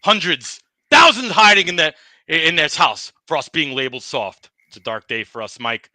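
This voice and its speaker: A man's voice: fairly high pitch, expressive, moderate pace, sharp tone, no echo, studio quality. A man voicing a tough-talking bowling ball in a comedy podcast skit, griping and boasting as he trash-talks and keeps saying the host's name. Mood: boastful. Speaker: guest.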